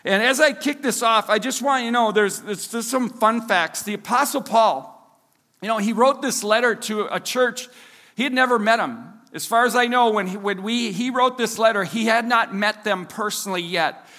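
A man's voice: sits high, normal speed, sharp tone, in a large hall. A Minnesotan man preaching a sermon as pastor in a casual, chatty way, full of fillers and self-deprecating asides. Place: church service hall.

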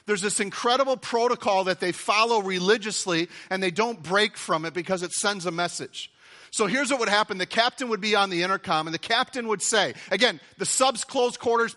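A man delivering a sermon in a high, bright voice. He preaches with eager enthusiasm and often repeats phrases for emphasis. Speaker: pastor. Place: church auditorium with several campuses.

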